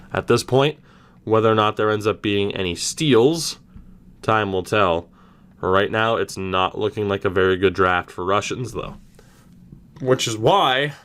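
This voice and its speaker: Young male gaming host, lowish voice, chatty play-by-play with lively reactions. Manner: thinks aloud, animated reactions, mild swearing. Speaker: gaming YouTuber. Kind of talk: casual let's-play commentary.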